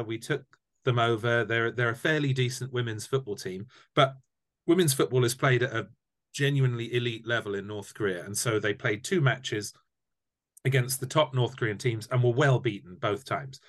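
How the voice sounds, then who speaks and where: A man in casual conversation, telling animated anecdotes and often repeating words as he restarts a sentence. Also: medium pitch. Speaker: guest, tour company founder. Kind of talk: casual storytelling chat.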